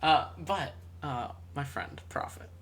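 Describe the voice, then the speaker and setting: A game master slowly narrating a tabletop game's dream scene, pausing often with fillers. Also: medium pitch, fairly bright tone. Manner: slow, halting narration with many fillers.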